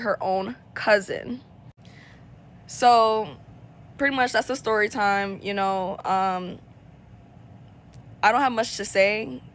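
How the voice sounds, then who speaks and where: A woman's voice: medium pitch, fairly bright tone. A woman telling a storytime in casual talk, blunt and indignant, rambling with plenty of fillers.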